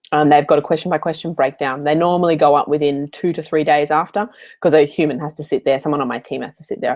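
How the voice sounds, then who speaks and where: A woman's voice: sits low, darkish tone. A woman coaching in a casual, chatty live Q&A from a hotel room, wandering into side stories and laughing as she goes. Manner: chatty, digressive, laughs often. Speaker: online business coach hosting office hours.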